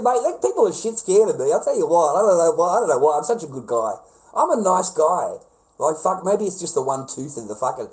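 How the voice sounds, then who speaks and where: An Australian man vents in a raw, profanity-laced monologue, his voice sitting a touch high for a man. He keeps breaking into loud, shrill peaks of indignation before dropping back to a grumble. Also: rough recording. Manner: angry, profane, swings into loud high-pitched outbursts. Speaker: vlogger.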